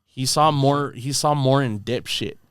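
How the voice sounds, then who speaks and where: A man's voice: mid-range voice, measured pace, a bit bright, clear, resonant tone, dry recording. A man, a podcast guest in a studio, telling a rambling story in casual slang full of "dude" and "bro".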